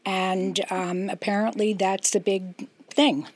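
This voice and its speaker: Brief: older mom guest, wry and self-deprecating, chatty. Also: female voice, mid-range voice, takes it slowly. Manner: self-mocking, lively storyteller. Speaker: guest, host's mother. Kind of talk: casual chat.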